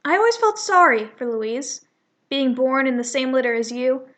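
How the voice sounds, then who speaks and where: A woman voicing a sharp-tongued young female cat from a comic she reads aloud, cutting and scornful. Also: high-pitched, very animated, moderate pace.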